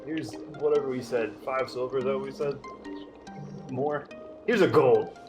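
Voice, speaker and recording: A man's voice: medium pitch, fairly even intonation, unhurried, over music. A man playing a tabletop game, playful and talkative. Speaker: player. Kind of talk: in-character tabletop play.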